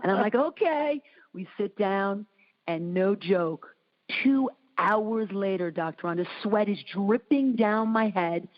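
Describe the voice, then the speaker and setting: A woman hosting an interview show, telling a lively story and acting out the voices in it. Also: unhurried, muffled recording. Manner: animated storyteller, acts out quotes with big pitch jumps. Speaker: host. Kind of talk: casual conversational interview.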